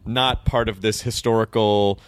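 A man's voice: fairly low pitch, fairly even intonation, normal speed, clear, resonant tone, dry recording. An American man hosting an interview, rambling and hesitant with joking asides. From United States. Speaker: talk show host. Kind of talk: casual interview chat.

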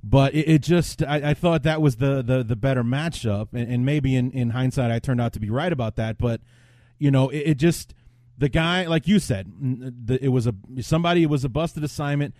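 A man's voice: mid-range voice, brisk, a little mellow, no room sound, clean studio sound. A man hosting a podcast, thinking aloud and giving blunt, opinionated takes. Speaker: podcast host. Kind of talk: casual podcast chat.

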